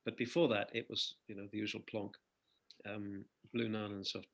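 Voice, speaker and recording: Older male guest, animated anecdotal storyteller, rough gravelly voice. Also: on the low side, normal speed. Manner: animated anecdotal storyteller, laughs between phrases. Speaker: singer-songwriter guest. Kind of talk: conversational interview storytelling.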